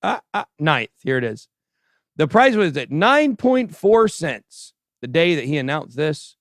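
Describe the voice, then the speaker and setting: Animated sarcastic male crypto show host. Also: a little high, measured pace, dry recording, clean studio sound. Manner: animated and sarcastic, chatting with a co-host and live chat. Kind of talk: casual livestream market commentary. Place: show studio stage.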